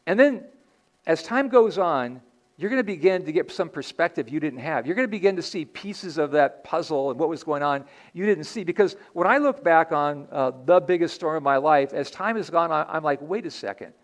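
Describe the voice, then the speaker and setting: A man's voice: a little high, expressive, normal speed. A man preaching a sermon in a church as pastor, earnest and conversational, often restarting his sentences.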